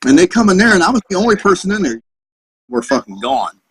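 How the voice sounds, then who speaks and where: A man's voice: high-pitched, big pitch swings, fast, breathy edge, low-quality recording. A Marine veteran in his thirties, a podcast guest telling profane, rambling anecdotes in a casual chat. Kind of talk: casual storytelling.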